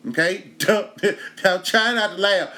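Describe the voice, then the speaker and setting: A man's voice: high voice, measured pace. A man from Texas, hosting a comedy show and telling a story in a profane stand-up monologue. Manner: profane, animated storytelling, breaks into laughter. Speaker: comedian host.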